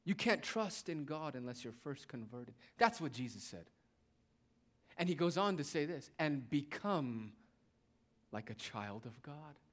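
A man's voice: mid-range voice, slightly rough. A young man preaching a sermon, emphatic and repetitive, addressing his listeners as beloved. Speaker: pastor.

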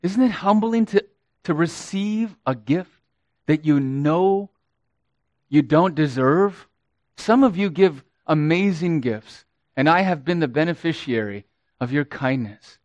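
Man, preaching a sermon, very slow and emphatic, dry close sound. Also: a little high, expressive, no echo, dull audio. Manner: slow, emphatic preaching with swells and drops in volume. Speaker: pastor.

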